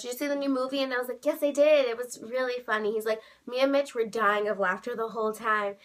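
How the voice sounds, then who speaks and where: A young woman vlogging, telling a story with gushing excitement, saying "like" constantly and squealing when she quotes herself. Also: sits high, quick pace, hardly any pauses. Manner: gushing, heavy use of "like", bursts of squealing quotes.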